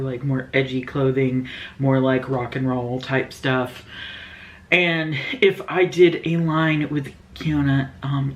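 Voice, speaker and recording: A woman's voice: very deep voice, dull audio. A woman beauty vlogger answering viewer questions in a casual, rambling chat full of fillers.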